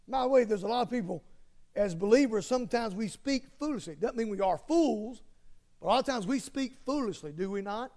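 High-voiced preacher with emphatic bursts. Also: male voice, animated, fairly quick, darkish tone. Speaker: pastor. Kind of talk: sermon.

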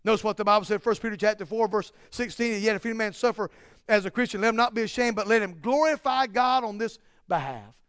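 A man preaching a sermon, building to loud, emphatic peaks and dropping to quiet, slow asides. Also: high-pitched, clean tone, dry recording, studio quality.

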